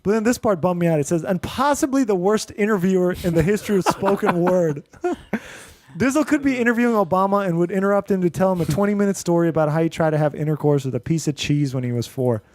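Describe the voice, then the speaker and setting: Chatty high-voiced podcast host man. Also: fast talker, a little mellow. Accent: mixed Indian-American. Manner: rambling, laughs often, restarts and fillers. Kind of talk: casual podcast chat, reading listener reviews.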